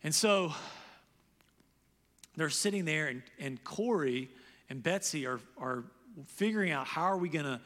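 A man preaching a sermon as pastor, animated, loudly acting out the people he quotes. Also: fairly high pitch, measured pace, long pauses, big-room sound.

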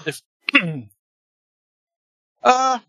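A man playing a tabletop role-playing game, telling his character's story in character with many restarts and halting fillers. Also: extremely high pitch, animated, pushed and bright, no room sound.

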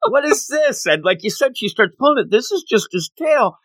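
Brief: male podcast co-host, bright forceful voice, animated and giggly, dry close sound. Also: high-pitched, fairly quick, slightly rough, no echo, rough recording. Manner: animated, giggly, retells scenes with quoted voices. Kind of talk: casual podcast chat.

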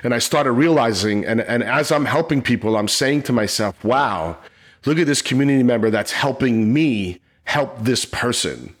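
A middle-aged man of middle pitch tells a personal story in an interview. His delivery is earnest and emotional, and it comes out in halting bursts. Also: breathy edge. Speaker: retired police officer and app founder.

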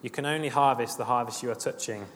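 A man's voice: medium pitch, fast, fairly bright tone. A man preaching a sermon, earnest and emphatic, often repeating his phrases. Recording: long hall reverb, faint ambient noise.

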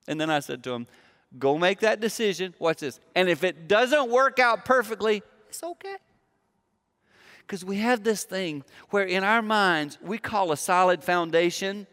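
A man's voice: mid-range voice, a bit bright, big-room sound. A man giving a sermon as a pastor, telling a personal story in a conversational way and acting out the dialogue. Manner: conversational, acts out quoted dialogue.

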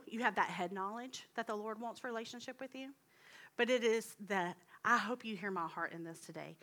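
A young woman giving a heartfelt sermon in a church, earnest and personal, sometimes dropping into soft hushed asides. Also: medium pitch. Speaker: guest speaker at church. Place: church sanctuary.

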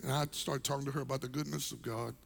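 A male pastor telling a story in a sermon, animated and comedic, swinging between loud punchlines and soft, earnest moments. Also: medium pitch, fast, gravelly.

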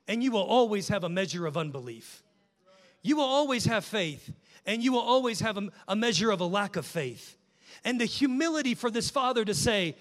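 Male pastor, high-pitched, passionate sermon delivery that swings between urging and quiet prayer, long reverb.

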